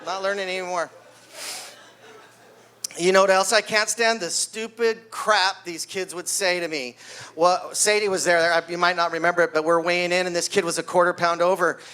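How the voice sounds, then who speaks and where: A man's voice: high voice, normal speed, clear, resonant tone. A man in his sixties doing stand-up at a party, a wrestling coach telling stories and acting out the kids. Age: 60s. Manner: animated storyteller, acts out kids' voices. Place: party venue with live audience.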